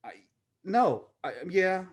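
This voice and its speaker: A man's voice: sits high, big pitch swings, slow pace. A man co-hosting a casual sports podcast, joking and talking in rambling runs with many stammering restarts. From Pittsburgh area. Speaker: podcast co-host.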